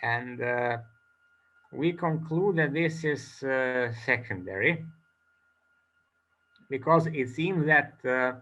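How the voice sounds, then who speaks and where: A man presents an academic conference talk at a slow, unhurried pace, often pausing on filler sounds. His voice sits in a middle pitch. It comes through a dull, lo-fi online call recording. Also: bright, forceful tone. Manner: hesitant, many filler pauses.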